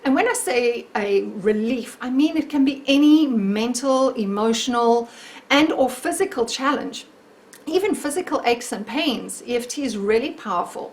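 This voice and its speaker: A woman wellness coach leading a guided self-help tapping exercise in a gentle, encouraging, chatty way, talking to the camera. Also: a little high, lively intonation, normal speed.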